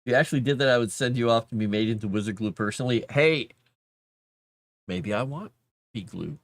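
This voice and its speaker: A man's voice: medium pitch, brisk, no room sound. A man casually chatting with viewers on a livestream, playful and rambling as he talks. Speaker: streamer and game writer.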